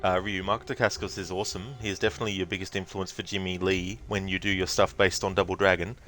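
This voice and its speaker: A man's voice: low-pitched, flat delivery, fast, pushed and bright, faint music behind. A man streaming a video game, chatting in a rambling way and laughing easily. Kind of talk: casual gameplay commentary.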